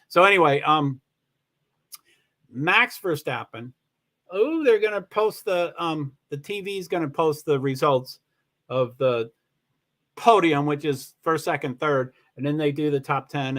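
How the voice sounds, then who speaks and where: A man hosting a live stream, chatting in a rambling, halting way and correcting himself as he goes. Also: mid-range voice, fairly bright tone. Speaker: livestream host. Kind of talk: casual commentary on a live stream.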